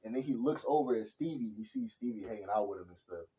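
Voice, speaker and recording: A man's voice: on the low side, fast, poor audio. Slangy young-sounding man reviewing a movie. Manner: slangy and animated, says "bro" and "hella" constantly.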